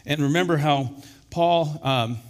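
A man preaching a sermon as pastor, slightly hoarse from illness, building to emphatic exclamations. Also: a little high, unhurried. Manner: emphatic, rising to loud exclamations.

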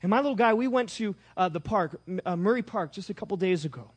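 A man in his thirties preaching a sermon with a personal story, animated and swinging from hushed asides to shouting. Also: high-pitched, fast talker, breathy edge.

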